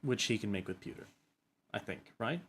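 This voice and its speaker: A man playing a tabletop game who talks in halting starts, with many ums and restarts. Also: fairly low pitch, expressive. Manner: hesitant, full of restarts and ums.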